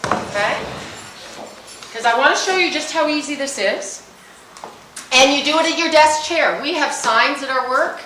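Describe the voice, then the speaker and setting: A middle-aged woman giving an energetic, jokey talk on meditation to a business audience. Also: high voice, moderate pace, pauses often, background noise. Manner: energetic, chatty, jokey and emphatic. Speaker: speaker at a business luncheon. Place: large hall. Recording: echoey hall, mic at a distance.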